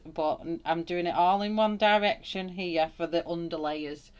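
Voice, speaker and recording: A woman's voice: fairly low pitch, lively intonation, takes it slowly, smooth. A woman hosting a live colouring tutorial, thinking aloud as she works and greeting viewers in the chat with frequent laughs. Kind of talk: live colouring demonstration, chatty.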